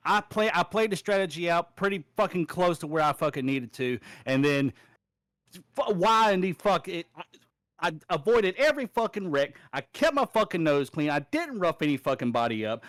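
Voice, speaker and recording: A man's voice: high voice, a bit bright, no echo. A man who races online, ranting angrily after a race and swearing constantly over voice chat. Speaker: sim racing driver. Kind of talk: profane post-race rant.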